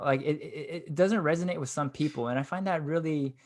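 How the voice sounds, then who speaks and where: A man's voice: on the high side, fairly quick. A young adult man co-hosting a casual podcast chat, reflective and loaded with "like" fillers as he thinks aloud. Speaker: podcast co-host.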